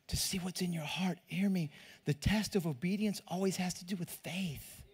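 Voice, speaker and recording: A middle-aged man with a drawl preaches a sermon in a high voice for a man. He talks to the crowd like a friend, doubles back over his words and keeps asking them questions. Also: normal speed, husky. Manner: conversational, repeats words, asks the crowd questions. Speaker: pastor.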